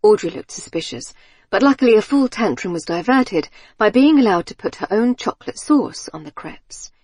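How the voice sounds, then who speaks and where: Breathy woman narrating a story. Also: mid-range voice, big pitch swings, normal speed, darkish tone, no echo, studio quality. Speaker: audiobook narrator. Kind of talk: scripted narration.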